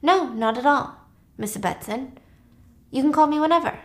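A woman's voice: sits high, expressive, normal speed, pitched above the performer's own voice. A woman voicing a stubborn, aging male art dealer in a casual retelling, speaking in a raised, emphatic voice. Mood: gentle.

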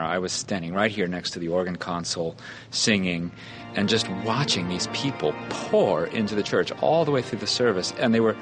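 A man guesting on a radio show, a church musician telling an earnest, heartfelt story. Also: low voice. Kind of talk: reminiscing interview answer.

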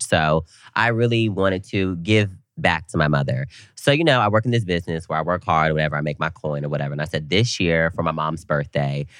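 A young man co-hosting a podcast, telling a story in animated casual chat and quoting people in big voices. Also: low-pitched, no room sound, studio quality. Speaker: podcast co-host.

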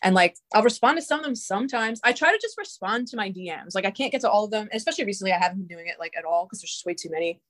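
A woman's voice: mid-range voice, lively intonation, racing, hardly any pauses, a bit bright. A young adult woman telling a long story in casual, rambling talk, swearing often and filling her speech with "like". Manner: profane, filler-heavy, rambling.

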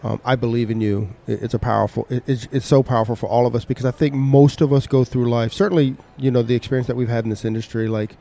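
A man's voice: mid-range voice, fairly even intonation, fast talker, creaky, hardly any pauses, warm tone. A man interviewing a guest, earnest, repeating words as he searches for what to say. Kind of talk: interview conversation.

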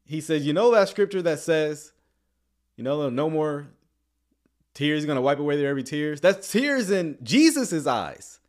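Man, casual commentary, animated pitch, laughs a lot, loud bursts then mutters. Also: unhurried. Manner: chuckles often, jumps between quiet asides and excited outbursts. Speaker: commentator reacting to clips.

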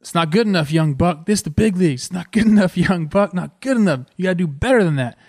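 Stern veteran ballplayer guy , a man doing the voice, pushy and blunt, pitched up a bit, dry sound. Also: lively intonation, fast, a little mellow, no room sound. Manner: blunt, repeats himself.

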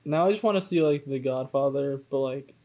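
A man co-hosting a casual recap podcast, playful and quick with jokes. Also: medium pitch, mellow. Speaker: podcast co-host. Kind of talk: casual chat.

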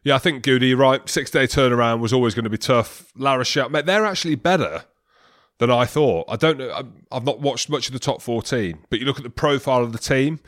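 A man's voice: mid-range voice, fairly quick, a bit bright, no echo, studio quality. A man co-hosting a podcast, chatting in a rambling, bantering way. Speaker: podcast co-host. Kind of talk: casual chat.

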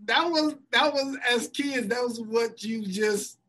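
A man's voice: very high-pitched, a little slow, crowd noise. A man telling a wild story from his youth in a casual chat, laughing often and acting out what people said. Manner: animated storyteller, laughs often, acts out quotes.

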